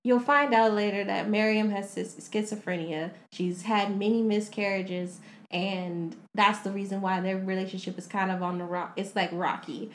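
A woman hosting a podcast, recapping a movie in a lively, casual way and acting out the lines with laughs. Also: medium pitch, normal speed, roomy sound, slight background noise. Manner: animated, laughing, acts out quotes. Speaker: podcast host.

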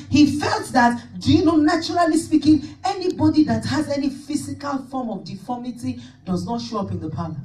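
In a church hall, a woman pastor with a high-pitched, slightly mellow voice preaches a fervent sermon, repeating her points and calling out to the congregation in call-and-response. The mic is distant and the hall echoes.

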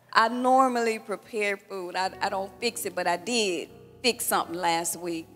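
Pastor woman, 60s, warm storytelling thank-you speech; long hall reverb, soft music under. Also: medium pitch, normal speed. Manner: warm storytelling with laughter, acting out dialogue. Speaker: pastor celebrating her birthday. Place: church hall event.

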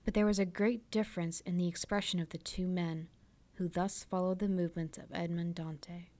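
Soft-voiced woman reading a novel aloud. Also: on the low side, fairly even intonation, a little fast. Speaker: library storytime reader.

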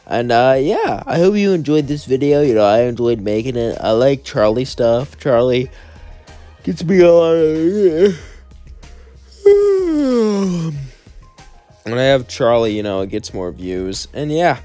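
Casual young man host, rambling fan story narrator, mid-pitched. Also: normal speed, few pauses, dark tone, soft background music.

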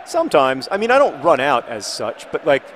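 A man casually commenting while playing a video game, rambling and restarting sentences, with sudden excited outbursts. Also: fairly high pitch, normal speed, slight background noise. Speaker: video host.

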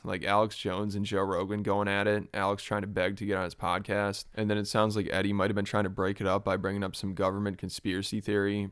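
Low flat-voiced male commentator. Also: smooth, no room sound. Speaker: YouTube commentator. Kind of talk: scripted commentary.

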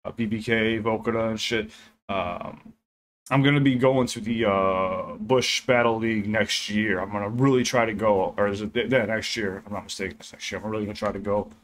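A man's voice: on the low side, fairly even intonation, brisk, fairly bright tone, a little hiss or hum. A young man hosting a reaction video, chatting loosely and cursing as he rambles about what he just watched. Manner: loose, profane, rambling chat with laughs. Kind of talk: casual reaction commentary.

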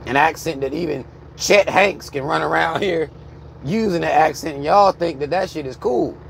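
A man in his thirties from the United States vlogs from his car, ranting hotly and swearing without restraint. His voice is on the high side with vocal fry and a normal speed, and the recording carries a bit of hiss or hum.

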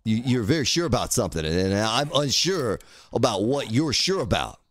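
A man's voice: medium pitch, sing-song, normal speed, a bit bright, no room sound. A man live-streaming a survival game, chatting casually, joking and greeting viewers in the chat by name.

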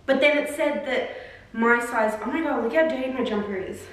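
A woman's voice: on the high side, normal speed, reverberant, recorded from a distance, poor audio. A woman in her twenties filming a casual try-on vlog, chatty and exasperated, with lots of filler words. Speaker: vlogger.

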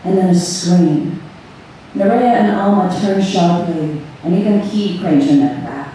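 A woman reads her own story aloud at a live event, slow and measured. Her voice is mellow and reaches the camera from far off, wrapped in heavy room echo. A faint hum sits beneath it. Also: on the low side. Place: event room on a cruise ship. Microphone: far audience camera. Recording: echoey hall recorded from far off.

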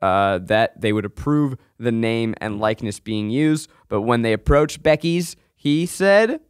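Emphatic, animated male podcast co-host. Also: mid-range voice, a little slow, clear, resonant tone, no echo, clean studio sound. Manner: animated, emphatic, swears freely. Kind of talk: casual chat.

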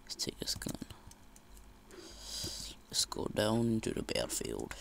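A man giving casual, excitable commentary over a shooter game, jumping from shouts to muttered whispers. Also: fairly low pitch, takes it slowly, gravelly, pauses often. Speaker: gamer commentator.

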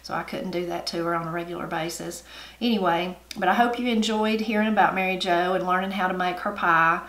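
A middle-aged woman with an Appalachian accent, hosting her channel and telling family stories in a folksy, unhurried way. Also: on the low side, a bit bright. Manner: folksy, unhurried storytelling with homey grammar. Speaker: channel host. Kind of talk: family storytelling. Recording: roomy echo.

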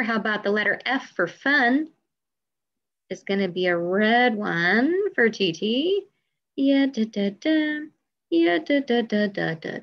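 A woman's voice: mid-range voice, highs cut off. A woman music teacher leading a lesson for young children, singing and talking in an upbeat, encouraging way.

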